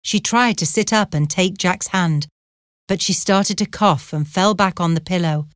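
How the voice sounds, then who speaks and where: A woman narrating an audiobook chapter in a measured, even storytelling manner. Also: lowish voice, dry recording, studio quality.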